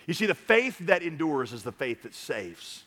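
A man preaching a sermon from a church stage, swinging between loud urging and quiet earnest talk. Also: a little high, sing-song, moderate pace, slightly rough, big-room sound. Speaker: pastor.

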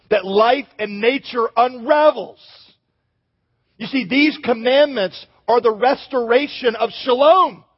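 High, husky-voiced man preaching. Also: big-room sound, highs cut off. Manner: animated, joking, addresses the audience directly. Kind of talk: sermon.

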